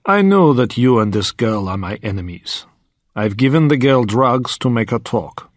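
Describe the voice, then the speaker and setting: A man's voice: medium pitch, lively intonation, normal speed, no room sound, natural voice. A man voicing a menacing villain who coolly threatens a captive, reading from a storybook.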